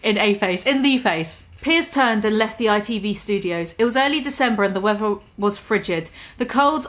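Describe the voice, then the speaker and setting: A woman's voice: fairly high pitch, fairly bright tone. A woman casually reading her own comic story aloud, tripping over words and poking fun at herself. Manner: stumbling, self-deprecating, laughs at her own writing.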